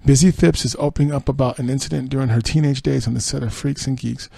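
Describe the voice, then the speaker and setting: Gravelly, husky man reading celebrity news. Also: medium pitch, steady tone, quick pace, dark tone, no room sound. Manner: reads quotes then adds dry sarcastic asides and laughs. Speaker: podcast host. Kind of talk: reading entertainment news with asides.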